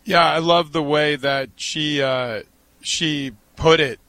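A man's voice: on the high side, steady tone, slow, pushed and bright, no room sound. A man in casual sports talk, speaking emphatically and admiringly.

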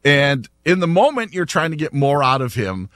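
A man hosting a sports talk show, telling a story in an animated, laughing way. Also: on the high side, moderate pace, dry recording. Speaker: radio talk show host.

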